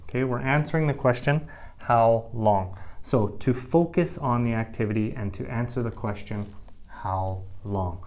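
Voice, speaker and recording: A man's voice: mid-range voice, a little slow, darkish tone. A middle-aged man teaching English grammar to camera, explaining patiently and repeating key phrases.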